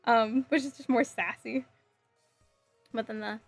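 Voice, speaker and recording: A woman's voice: fairly high pitch, fairly even intonation, a little slow, gravelly, no echo, soft background music. A woman live streaming as she builds a model kit, chatting with viewers in a sassy, giggly way. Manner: sassy, playful, giggly, reacts to chat messages.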